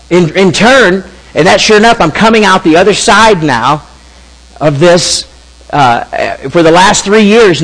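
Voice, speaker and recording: A man in his fifties preaches in a high, light voice and tells his story in a conversational way. His delivery is animated, and he acts out what other people said in quick asides. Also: low-quality recording. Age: 50s. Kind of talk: sermon storytelling.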